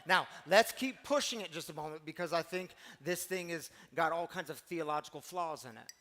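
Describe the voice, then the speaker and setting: A man's voice: fairly high pitch, lively intonation, a little fast, sharp tone, in a large hall. A man preaching a sermon as pastor, conversational and emphatic, full of rhetorical questions.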